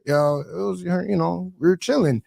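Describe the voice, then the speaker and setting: A young man hosting a podcast, telling stories in animated, slangy casual chat. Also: high voice, moderate pace, creaky. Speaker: podcast host. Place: podcast studio.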